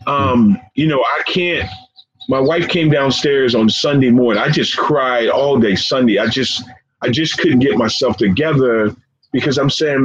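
A man being interviewed as a guest, speaking earnestly and with deep emotion, often repeating phrases and calling his listener "man.". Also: normal speed. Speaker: guest, professor and founder of a forgiveness organization. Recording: dull lo-fi sound with faint background noise.

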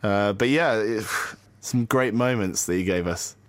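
Deep-voiced man chatting, dry sound. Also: measured pace, dry recording. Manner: teasing, chatty, trails off with fillers. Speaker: podcast co-host. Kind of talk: casual chat about cricket.

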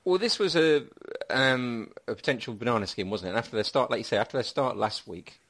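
A man's voice: medium pitch, brisk, fairly bright tone. A man hosting a casual football podcast, chatty with wry asides. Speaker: podcast host.

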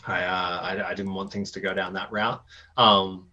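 A man's voice: sits low, normal speed, a little hiss or hum. A man who runs tabletop games for his students, telling stories in a casual chat and acting out the voices of the people he quotes. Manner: animated, acts out quoted voices, many fillers. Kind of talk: casual storytelling in a podcast chat. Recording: dull lo-fi sound.

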